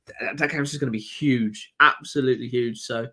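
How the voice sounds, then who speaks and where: A man's voice: medium pitch, steady tone, moderate pace, pushed and bright, husky. A man co-hosting a football fan live stream, reading out comments and fixtures in an easygoing way. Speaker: co-host reading donations and comments. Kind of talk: casual live stream reaction chat.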